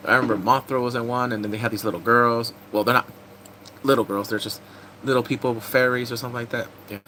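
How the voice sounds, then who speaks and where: A man casually recapping TV episodes, excitable and rambling, breaking into sudden high squeals. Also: fast, a little hiss or hum, low-quality recording. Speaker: TV recap host.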